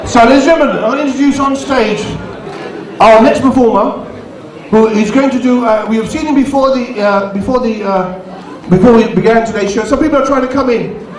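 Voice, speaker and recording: High-voiced man doing stand-up in echoey hall. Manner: banters with the crowd, quick asides. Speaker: stand-up comedian and compere. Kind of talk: live stand-up comedy. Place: community venue hall. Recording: echoey hall, distant mic, audience.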